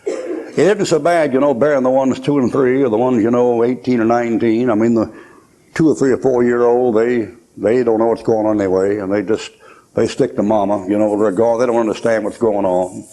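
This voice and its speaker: A man's voice: medium pitch, fairly even intonation, a little fast, dark tone. An older man preaching a sermon in a folksy storytelling way, telling stories from his own life. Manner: folksy storytelling preaching, acts out quoted voices. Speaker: pastor.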